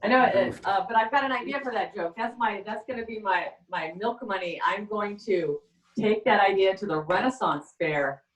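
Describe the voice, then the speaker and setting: A woman doing a stand-up comedy set with a rambling, halting deadpan delivery, often trailing off and restarting. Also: medium pitch, slight background noise. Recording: echoey room, far from the mic.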